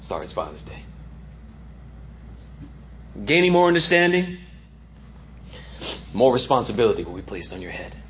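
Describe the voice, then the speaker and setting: A man's voice: medium pitch, very animated, moderate pace, pauses often, lo-fi sound, slight background noise. A man preaching a sermon as pastor, emphatic and repeating lines for effect.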